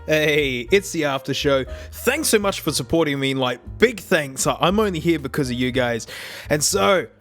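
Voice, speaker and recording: An Australian man hosting his own channel, chatting casually in an excitable, slangy way and chuckling often. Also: fairly high pitch, normal speed, faint music behind. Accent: South Australian. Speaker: tech channel host. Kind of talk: casual vlog talk to camera.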